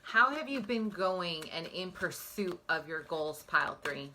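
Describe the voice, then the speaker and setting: A woman's voice: fairly low pitch, animated, measured pace, noisy background. A woman giving a pick-a-card psychic reading on her phone, talking earnestly and emotionally straight to her viewers. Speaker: psychic tarot reader.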